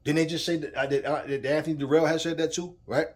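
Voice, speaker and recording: A man's voice: fairly high pitch, fairly even intonation, quick pace, a little mellow. A man giving a heated, profane rant about boxing, repeating himself and addressing the fighter directly. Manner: heated, profane, repetitive, talks straight at the subject. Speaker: boxing commentator. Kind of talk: casual ranting commentary.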